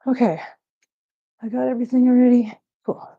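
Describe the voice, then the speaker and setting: A woman's voice: fairly high pitch, fairly even intonation, normal speed, narrow, tinny audio. A woman chatting casually on a cat-care livestream, rambling and answering viewers while she cleans, a little out of breath. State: a bit out of breath. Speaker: cat channel vlogger.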